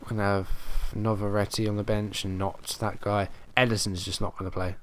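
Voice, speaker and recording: A man's voice: on the low side, flat delivery, a little fast, a bit bright, a little hiss or hum. A man casually commenting on his own football management game, muttering play-by-play and growing exasperated as his team struggles. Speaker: gaming commentator.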